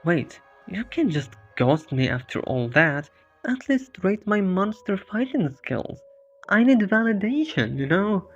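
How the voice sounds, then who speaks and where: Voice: medium pitch, big pitch swings, unhurried, husky, voice pushed up, heavily acted. A narrator voicing a wisecracking, bewildered male hero lost in a horror town, with sarcastic, self-mocking quips, over dull lo-fi sound and faint music. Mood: quipping.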